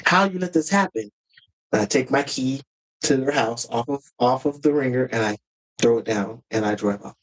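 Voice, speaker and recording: A man's voice: medium pitch, steady tone, normal speed, rough recording. A man as a podcast guest, telling a personal family story earnestly and with emotion, sometimes acting out heated words.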